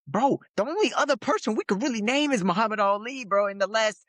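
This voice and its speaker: A man's voice: sits high, lively intonation, quick pace, fairly bright tone, dry recording. A young man co-hosting a casual podcast, talking loosely with slang and frequent laughs. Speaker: podcast co-host. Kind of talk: casual chat.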